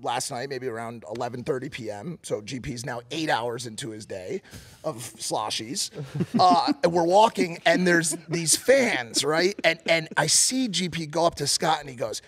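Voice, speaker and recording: A man co-hosting a podcast, telling a story in a casual, animated and profane way, acting out shouted quotes. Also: a little high, moderate pace, breathy edge. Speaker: podcast co-host. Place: podcast studio.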